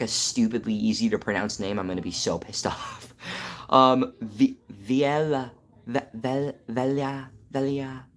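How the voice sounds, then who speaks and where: A man's voice: mid-range voice, fairly bright tone. A man, a voice actor streaming live from home, chatting casually with his viewers. He jokes and stammers while reading chat aloud.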